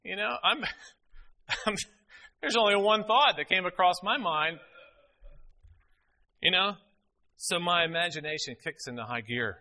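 Bright-voiced middle-aged preacher. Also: male voice, sits high, a little slow, pauses often. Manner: storytelling, folksy, with many "you know" fillers. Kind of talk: sermon.

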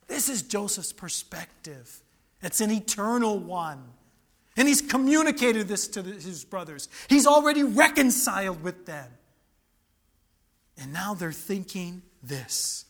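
A man preaching a sermon, animated and dramatic, with sudden loud outbursts and questions thrown to the congregation. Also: high-pitched, a little slow.

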